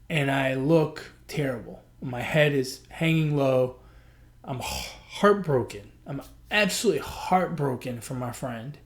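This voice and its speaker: A man's voice: fairly high pitch, a little mellow. A man hosting a podcast, telling a personal story in an earnest, emotional way, often repeating himself. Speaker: podcast host.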